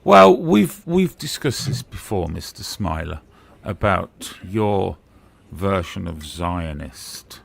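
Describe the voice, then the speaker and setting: A man's voice: low-pitched, expressive, takes it slowly, gravelly. A man calling into a livestream chat, blunt and teasing, swearing freely as he argues his point. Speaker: guest caller on a livestream. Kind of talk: casual argumentative chat.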